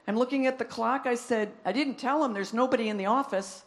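A woman's voice: a little high, a little fast, few pauses. A woman telling a personal testimony, animatedly acting out both sides of phone calls. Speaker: church member giving a testimony. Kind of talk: testimony storytelling.

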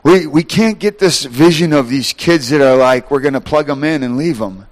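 A middle-aged man preaching a sermon, animated, shouting at times, acting out voices and laughing. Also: fairly high pitch, normal speed.

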